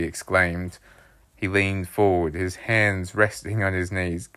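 A man reading a children's chapter book aloud, telling it in a lively first-person voice. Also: sits low, a little slow. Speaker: storybook reader.

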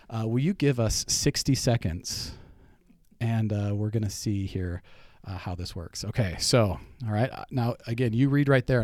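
A man's voice: on the low side, darkish tone, no room sound. A man hosting a podcast in a studio, talking in casual, upbeat bursts and laughing often. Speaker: podcast host. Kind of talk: casual chat.

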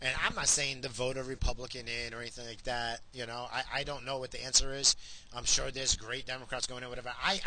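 A man's voice: mid-range voice, slight background noise. A man delivering a profane, heated political rant, worked up and swearing often. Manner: profane, heated, ranting then calmer.

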